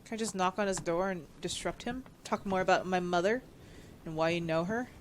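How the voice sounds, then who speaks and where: A woman streamer giving casual, excitable gameplay commentary and reading on-screen text aloud. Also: fairly low pitch, brisk, a little hiss or hum.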